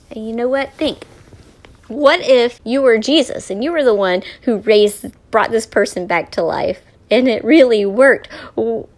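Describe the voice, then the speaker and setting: Host, woman, somewhat high voice, earnest devotional storytelling, slips into hushed near-whispers. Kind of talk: devotional talk while painting.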